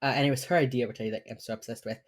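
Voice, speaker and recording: A woman with a very deep voice talks very fast while co-hosting a podcast. She rambles through a recap of a TV episode, swearing casually and laughing a lot.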